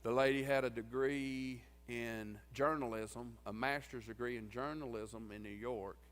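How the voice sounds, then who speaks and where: A man's voice: mid-range voice, fairly even intonation, measured pace, a bit bright. A man giving a eulogy at his wife's funeral, telling folksy stories and acting out what people said. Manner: folksy, tells stories and acts out quoted lines. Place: church sanctuary. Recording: long church reverb.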